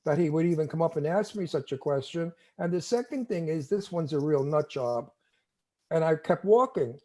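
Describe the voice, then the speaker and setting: A man's voice: a little high, normal speed. Older Brooklyn man telling a story. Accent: Brooklyn New York. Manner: animated storyteller, acts out quotes. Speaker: TV show host, interviewee. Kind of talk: casual storytelling interview.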